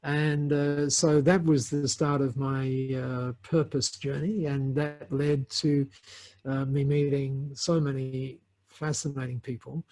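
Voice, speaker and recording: A man's voice: mid-range voice, flat delivery, slow, a little mellow. A middle-aged man on a podcast, telling a story in a casual, rambling way with many restarts and fillers and frequent laughs. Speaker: podcast guest, entrepreneur.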